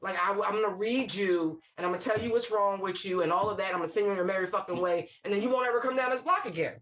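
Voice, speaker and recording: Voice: mid-range voice, very fast, fairly bright tone. A tarot reader talks through a spiritual reading in a loose, unscripted monologue. The delivery is blunt and peppered with swearing, drifting into wry asides. Laughter keeps breaking into the sentences. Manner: laughs often mid-sentence.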